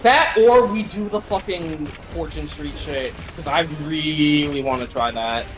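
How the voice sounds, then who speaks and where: A man's voice: fairly high pitch, measured pace, low-quality recording. A man chatting casually with a friend while gaming, swearing often and restarting his sentences. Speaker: co-streamer friend.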